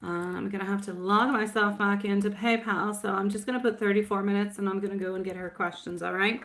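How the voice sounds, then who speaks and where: Bright, chatty woman tarot reader. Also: medium pitch, steady tone, brisk. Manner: affectionate, sprinkles endearments like my love and sweetie pie; chatty, laughs often. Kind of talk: casual live-stream chat.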